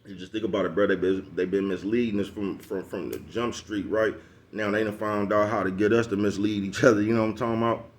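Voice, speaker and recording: A man with a low voice talks straight to camera in a blunt, profane advice rant. He preaches with heavy slang, calls his listeners "bruh" and "folks", and keeps looping back to check they follow. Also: fairly even intonation, fast. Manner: profane, preachy, repeats "you know what I'm talking about". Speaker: vlogger giving street advice. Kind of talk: casual advice monologue.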